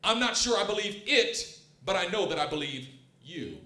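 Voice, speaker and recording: A man preaching a sermon with passion, swinging between hushed, tender lines and loud, emphatic ones. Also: high-pitched, big pitch swings, normal speed. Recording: roomy echo.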